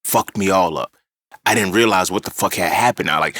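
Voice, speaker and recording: A man hosting a casual monologue, animated and profane as he tells his own story. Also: deep voice, normal speed, no room sound, clean studio sound. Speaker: podcast host.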